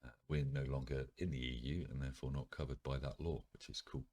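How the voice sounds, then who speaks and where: A man's voice: rumbling low, fairly even intonation, fast, darkish tone. A man from the United Kingdom reading articles aloud as a podcast host, with frequent ums and wry ironic asides.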